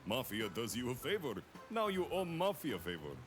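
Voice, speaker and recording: A man voicing a gruff male mafia goon in a put-on Russian-style accent, speaking in clipped, blunt broken phrases. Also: medium pitch, huge pitch swings, normal speed, over music. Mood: boastful. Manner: clipped, blunt, article-dropping speech.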